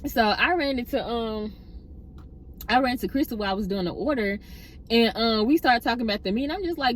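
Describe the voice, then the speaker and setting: A young woman casually telling a personal workplace story, chatty and animated, often addressing listeners directly. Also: on the high side, brisk, a little hiss or hum. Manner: animated retelling with acted-out quotes.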